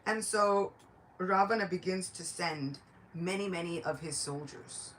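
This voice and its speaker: A woman giving a devotional lecture, telling a sacred story in a lively, chatty way. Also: on the low side, a little slow, a little hiss or hum.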